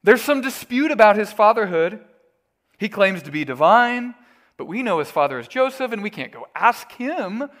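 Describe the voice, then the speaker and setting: A preacher voicing pompous religious men raising mock-formal objections in a courtroom. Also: male voice, sits high, very animated, normal speed, fairly bright tone, pitched above the performer's own voice. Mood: indignant.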